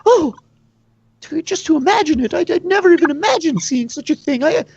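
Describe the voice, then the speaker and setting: Man doing a high falsetto tavern lady, gushing and bossy, swooping voice, dull lo-fi sound. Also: expressive, brisk, dry recording. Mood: amazed. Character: hearty middle-aged woman tavern keeper.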